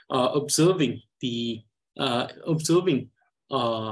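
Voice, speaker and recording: A man with a Tibetan accent teaching a reading lesson, explaining pronunciation patiently and repeating syllables for students to follow. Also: medium pitch.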